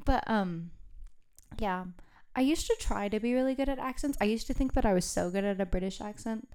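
A woman's voice: medium pitch, fairly quick, warm tone, clear, resonant tone. A woman co-hosting a casual podcast, rambling and self-deprecating, often giggling. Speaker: podcast co-host.

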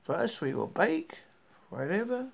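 Guy doing a wicked old witch lady, high and slow and crooning, gravelly, muffled lo-fi audio. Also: huge pitch swings, heavily acted. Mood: scornful. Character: wicked old witch woman who eats children. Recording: dull lo-fi recording.

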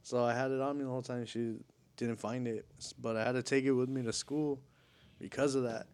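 A man's voice: medium pitch, fairly even intonation, brisk, darkish tone, clean tone. A man telling a story in casual chat, slangy and profane.

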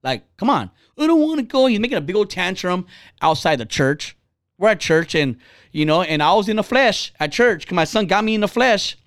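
A man's voice: high-pitched, moderate pace, no room sound, clean studio sound. A man hosting a podcast, telling personal stories in a blunt, profane, heated way. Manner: animated and heated. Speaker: podcast host. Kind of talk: casual chat.

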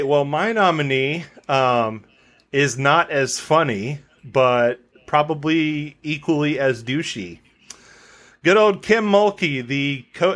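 A young man co-hosting a podcast, his voice sitting a little high. He rants with a sarcastic edge in loose, casual chat. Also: fairly bright tone. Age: young adult. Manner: sarcastic, ranting. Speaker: podcast co-host.

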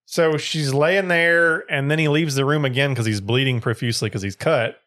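A man's voice: a little high, normal speed, fairly bright tone. A young man co-hosting a casual podcast, retelling a story with lots of swearing and acted-out quotes.

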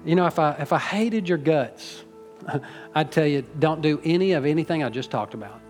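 A man's voice: on the high side, animated, moderate pace, darkish tone, faint music behind. A middle-aged man preaching a sermon to his church, folksy and rambling, teasing the congregation and getting emotional. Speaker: pastor. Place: church sanctuary.

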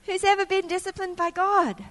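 A woman preacher delivers a sermon in a high voice. She tells personal stories and acts out what she once said. Her voice carries a long reverb from a large church hall. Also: little pitch movement, moderate pace, fairly bright tone. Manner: storytelling with acted-out quotes of her younger self.

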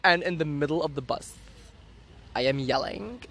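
A man's voice: a little high, normal speed, slight background noise. A man telling a dramatic personal story in casual chat, campy and profane, acting out quotes. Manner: animated, dramatic storytelling with laughs and acted quotes.

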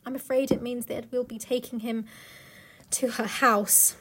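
A woman reading aloud as a gloomy, solemn male beaver in a storybook, telling a grim tale gravely. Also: a little high, level tone, measured pace, fairly bright tone.

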